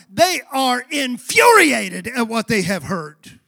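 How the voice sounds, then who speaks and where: Male pastor, very high pitch, impassioned sermon delivery with shouted climaxes. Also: sing-song, slow, hardly any pauses. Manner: impassioned, shouting bursts, dramatic retelling.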